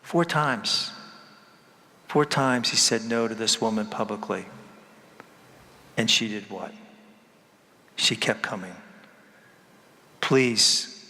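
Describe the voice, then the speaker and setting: A man's voice: lowish voice, takes it slowly, pauses often, pushed and bright. Emphatic man preaching in a reverberant church. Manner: emphatic, repeats key words, asks the congregation rhetorical questions. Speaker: priest. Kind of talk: sermon.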